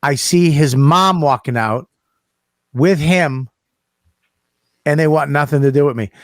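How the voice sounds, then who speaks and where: A man telling a road story in casual chat, profane and animated, acting out the people he quotes. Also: on the high side, unhurried, no echo, studio quality. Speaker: comedian guest.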